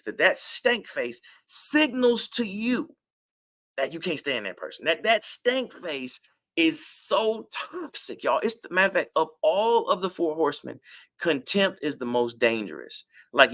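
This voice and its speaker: Speaking to an audience, a male relationship therapist with a fairly high, fairly bright voice keeps things playful and emphatic. His animated talk on relationships features slang-filled mock arguments he performs himself.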